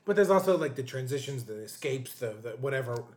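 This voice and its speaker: A man's voice: mid-range voice, animated, quick pace, darkish tone. A man co-hosting a casual podcast, swearing freely and laying out his argument step by step. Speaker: podcast co-host. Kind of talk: casual chat.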